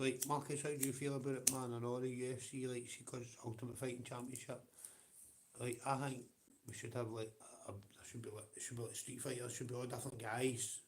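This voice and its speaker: A man's voice: medium pitch, a little hiss or hum. A man with a Scottish accent hosting a livestream and chatting casually with viewers. He swears constantly, rambles and often breaks into laughter. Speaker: livestream host.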